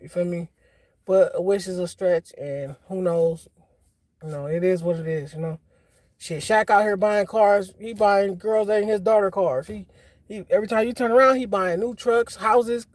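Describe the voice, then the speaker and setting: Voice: mid-range voice, moderate pace, a little mellow, dry recording. A livestreamer ranting in a loose, slangy monologue, blunt and rambling with frequent restarts, laughing at their own jokes. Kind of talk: casual rant monologue.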